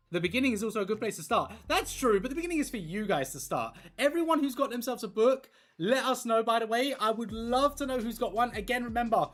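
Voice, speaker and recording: An excitable livestream host gushes to chat while colouring a page, the voice swinging up and down. Faint music plays quietly behind the talk. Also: mid-range voice. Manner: excitable and gushing, talking to chat.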